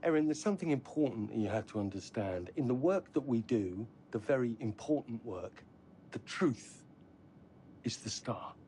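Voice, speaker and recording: An actor playing a proud, touchy documentary director, speaking with a British accent in a precise, pompous way. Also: male voice, medium pitch, expressive, normal speed, mellow, slight background noise, lightly acted. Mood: prickly.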